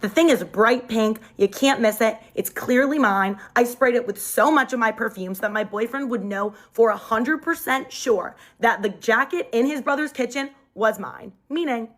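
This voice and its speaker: A woman's voice: fairly high pitch, moderate pace, hardly any pauses. A young woman telling a dramatic personal story in a chatty, casual storytime style, leaning hard on emphasis.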